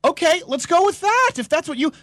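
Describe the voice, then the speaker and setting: A man's voice: extremely high pitch, very animated, a little fast, sharp tone, dry recording, studio quality. A man hosting a comedic political talk show, ranting in a sarcastic, mock-incredulous way and rambling as he goes. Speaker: podcast host.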